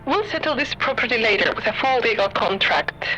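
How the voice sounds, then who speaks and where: Woman putting on a pompous legalistic gentleman. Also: fairly high pitch, lively intonation, a little fast, dull audio. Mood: haughty. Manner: pompous, formal, threatening with legal terms. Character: pompous male visitor, legalistic and haughty.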